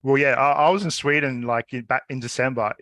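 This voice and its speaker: Bright-voiced Australian man interviewing. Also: mid-range voice, steady tone, dry recording. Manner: friendly, laughs easily, quick questions. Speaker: interviewer, host. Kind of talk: casual interview.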